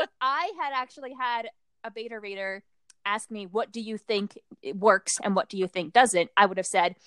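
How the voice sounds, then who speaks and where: A woman's voice: mid-range voice, moderate pace, fairly bright tone, clean tone, no room sound, studio quality. A woman author co-hosting a writing podcast, chatting casually and poking fun at her own early books. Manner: self-deprecating, acts out quotes.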